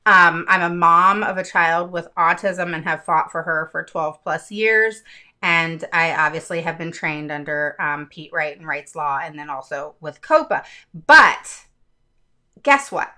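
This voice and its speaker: Middle-aged woman host, crisp bright tone, open and emotional, chatty direct-to-viewer vlog talk. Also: low-pitched, unhurried. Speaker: parent advocate, show host.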